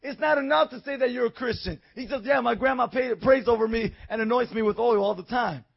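Fervent male preacher, raspy gravelly voice that climbs to shouts, slightly dull recording. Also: brisk. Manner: fervent, swings from low storytelling to shouting praise. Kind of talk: evangelistic sermon.

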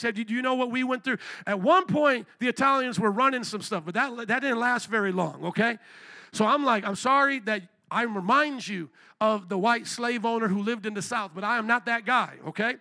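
A man delivers an impassioned sermon in a high, bright voice. He leans on rhetorical questions and calls for amens, pressing his point with a tense edge. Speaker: pastor.

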